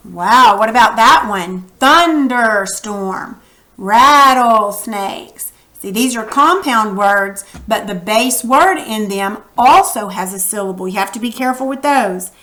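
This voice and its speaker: A woman's voice: mid-range voice, normal speed, few pauses, fairly bright tone. A woman teacher patiently walking students through a recorded reading lesson, talking casually while she writes on screen. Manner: patient, coaching, casual classroom talk; narrates while writing on screen.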